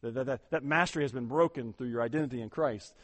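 A man's voice: medium pitch, fast talker, fairly bright tone. A man preaching a sermon as pastor, urging his congregation on emphatically and often repeating words as he goes.

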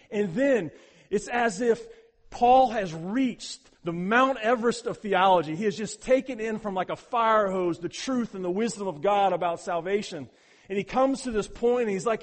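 A man preaching a sermon as a pastor, building to loud emphatic peaks and then dropping low, often repeating words for emphasis. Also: in a large hall.

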